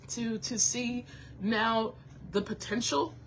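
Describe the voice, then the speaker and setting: A young woman hosting her own show, talking to viewers while close to tears, halting with many restarts and apologies. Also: on the high side, a little hiss or hum. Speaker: show host. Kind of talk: emotional personal talk to viewers.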